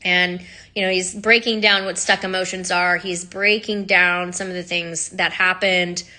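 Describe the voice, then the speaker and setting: A woman's voice: lowish voice, little pitch movement, moderate pace, sharp tone. A woman who teaches sound healing, talking candidly and with feeling, with frequent laughs and the odd swear word. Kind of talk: casual storytelling monologue.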